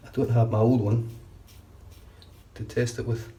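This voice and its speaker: With a warm, medium-pitched voice that barely rises or falls, a man keeps a measured pace while rambling through a casual chat as he shaves his head. He's a shaving vlogger who often restarts his sentences, and the distant mic catches faint background noise.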